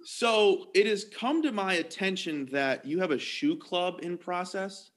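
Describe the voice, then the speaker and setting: A man hosts a relaxed interview and asks his guest playful, teasing questions. His voice is pitched fairly high and sounds bright. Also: a little slow. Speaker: interviewer host. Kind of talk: casual interview chat.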